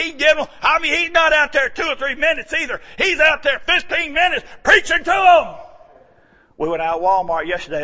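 A man from the American South preaching a folksy sermon, moving between quiet asides and shouted exclamations. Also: very high voice. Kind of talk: sermon storytelling.

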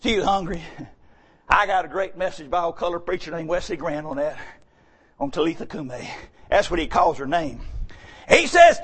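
A man preaching a sermon in church, telling folksy stories and shouting his key points with emphasis. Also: high-pitched, lively intonation, normal speed, breathy edge.

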